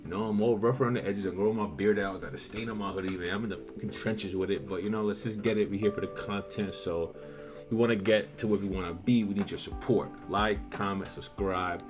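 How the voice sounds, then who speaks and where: Low-voiced man, profane and hyped. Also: fairly even intonation, a little fast, over music. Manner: profane, frustrated, hype. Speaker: car show organizer reacting to old footage. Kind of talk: casual reaction vlog. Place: outdoors.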